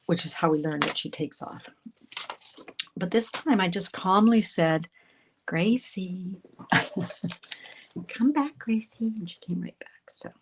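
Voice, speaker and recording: A chatty woman from Canada walks viewers through a card-making project, talking as she works. Her voice sits a little low for a woman, and she jokes about her own mistakes. Faint noise and small clicks sit behind her. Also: gravelly. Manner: chatty, self-deprecating, talks to viewers while working. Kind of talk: casual crafting tutorial.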